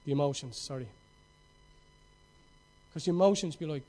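A middle-aged man preaching a sermon with passion, telling stories and swinging between loud outbursts and hushed moments. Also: on the high side, moderate pace.

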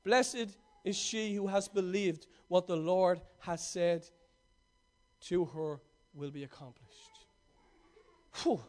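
A man preaching a sermon, reading scripture aloud and then retelling it with swings between loud emphasis and quiet asides. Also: high voice, slow pace.

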